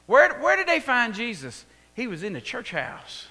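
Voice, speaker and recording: A Texan man preaches a sermon, acting out the story with animated delivery. His voice sits high and leaps up and down with a bright edge. The sound carries a long church-hall reverb. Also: normal speed. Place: church sanctuary.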